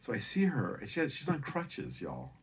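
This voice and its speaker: A man in his fifties from Northern California tells a rambling personal story in a mid-range voice at a moderate pace. He's animated and profane, constantly tagging lines with "right?", and there's background noise.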